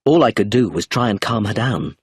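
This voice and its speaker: A man reading a novel aloud as narration for English learners, clear and measured. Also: fairly low pitch, expressive, no echo, clean studio sound. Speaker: audiobook narrator.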